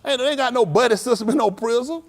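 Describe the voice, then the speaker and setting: A man's voice: very high-pitched, fast. A middle-aged man preaching on a livestream, telling street stories and acting out the dialogue while scolding his listeners. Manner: animated storytelling, acts out dialogue, scolding the audience.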